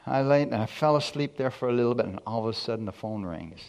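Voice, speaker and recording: A man preaching a sermon, telling a personal testimony in a lively storytelling way and acting out the dialogue. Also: medium pitch, quick pace, creaky. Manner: storytelling, animated, acts out dialogue.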